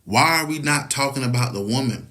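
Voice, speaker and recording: A man with a medium-pitched, sharp voice talks briskly through a casual, rambling opinion monologue. He swears often and keeps asking "you know what I'm saying" to check that you follow him.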